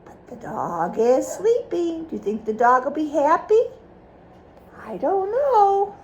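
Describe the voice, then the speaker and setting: High, animated woman reading to a child. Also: slow, dull audio, slight background noise. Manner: animated, asks the child questions. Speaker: reader of a children's book. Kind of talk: reading a picture book aloud to a child.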